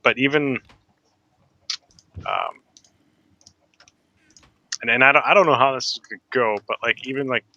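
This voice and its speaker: A man with a very bright, cutting tone chats with friends during a game. He is easygoing but halting, circling back and restarting his thoughts. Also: medium pitch, creaky, dry recording, lo-fi sound. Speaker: co-player. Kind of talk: casual chat while playing a game.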